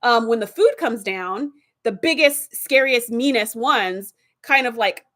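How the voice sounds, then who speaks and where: An animated woman hosting a vlog, telling episode plots in a casual, rambling way. Her voice sits fairly high and she fills her talk with "like" and "um.". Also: unhurried. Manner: animated, chatty, with fillers and laughs. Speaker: TV episode reviewer.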